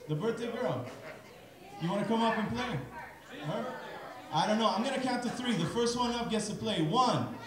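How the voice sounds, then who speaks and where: Upbeat Canadian entertainer, very high voice, live-stage crowd banter in an echoey hall with music behind. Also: male voice, expressive, normal speed, long pauses. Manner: upbeat, chatty, coaxing the crowd.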